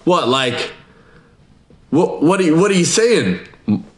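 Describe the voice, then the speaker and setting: A man voicing a high-pitched, incredulous man who stammers in disbelief. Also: animated, a little slow, a bit bright, slight background noise.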